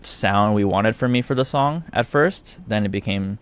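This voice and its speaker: A young Canadian man with an Ontario accent, a guest singer chatting casually in an interview, relaxed and rambling, laughing often. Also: lowish voice, normal speed, clean tone. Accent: Ontario English.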